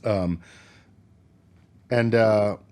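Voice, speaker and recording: A man's voice: lowish voice, fairly even intonation, very slow, darkish tone, clean tone. A man co-hosting a podcast in casual chat, recapping a movie with wry, profane remarks. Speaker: podcast co-host.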